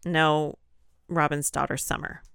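A woman's voice: low voice, level tone, a little slow, gravelly, a bit bright, clean tone, no echo, studio quality. A woman co-hosting a casual true-crime podcast, retelling a case in a heated, indignant way. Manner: heated, retelling with quoted voices. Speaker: podcast co-host.

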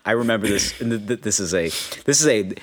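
A young man co-hosting a podcast tells a story in casual conversation at a quick pace, breaking into high-pitched impressions and bursts of laughter.

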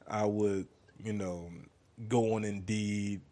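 A man's voice: on the low side, level tone, takes it slowly, mellow. A man hosting his podcast, rambling through a joking catch-up and acting out other people's voices. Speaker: podcast host and comedian. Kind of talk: casual monologue.

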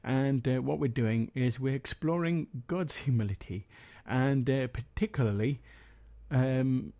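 A man's voice: mid-range voice, measured pace, warm tone. A man leading a prayer meeting, reading Bible passages steadily and adding his own comments with hesitant fillers.

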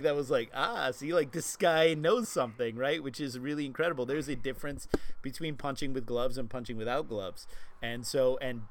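Mid-pitched man telling a story casually. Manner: storytelling, laughs easily. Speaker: podcast co-host. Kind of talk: casual martial arts chat.

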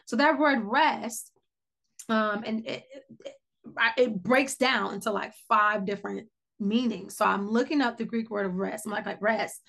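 A woman's voice: fairly high pitch, normal speed, gravelly, fairly bright tone. A woman in her thirties hosting a faith podcast, telling a personal story in a chatty way with many "um" fillers. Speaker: podcast host.

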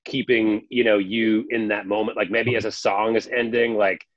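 A man rambles through stories in relaxed podcast chat, filling his sentences with little asides. His voice comes through a slightly muffled, lo-fi mic with a dry, close sound. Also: lowish voice, normal speed, no echo. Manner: rambling, filler-heavy, animated storytelling.

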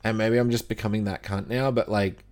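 A man's voice: on the low side, steady tone, a little fast, darkish tone. A man co-hosting a podcast, chatting casually about wrestling, swearing a lot. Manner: laid-back, swears a lot, many fillers. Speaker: podcast co-host. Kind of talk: casual wrestling review chat.

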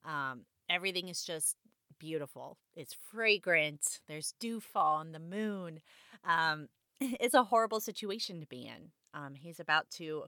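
A woman with a low-pitched but sharp, bright voice retells a novel chapter in a casual, chatty way. She drops in personal asides between stretches read straight from the page. The recording is dry and close, with no room sound. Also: lively intonation, measured pace, dry recording. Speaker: podcast host. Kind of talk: casual book recap with read-aloud passages.

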